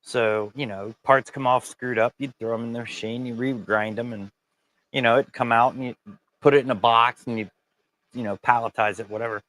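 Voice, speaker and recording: A middle-aged man in casual chat, telling an animated work story full of swearing and laughter. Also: mid-range voice, a little fast.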